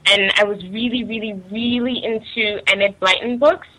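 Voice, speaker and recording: A woman's voice: mid-range voice, fairly even intonation, moderate pace, bright, forceful tone, rough recording. A young woman from Nigeria, chatting casually as an interview guest, laughing often and using many fillers.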